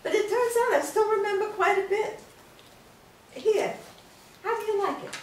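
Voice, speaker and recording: A woman playing a calm, affectionate older woman who guides a younger one, gently and fondly, in a screenplay read-through. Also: very high-pitched, normal speed, slight background noise. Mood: warm. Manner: gentle, fond. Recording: echoey room from far off.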